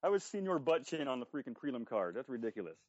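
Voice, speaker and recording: Fast-talking joking man, dull lo-fi sound. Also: mid-range voice, big pitch swings, darkish tone, no room sound. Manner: profane, joking, quick-talking. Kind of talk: casual chat.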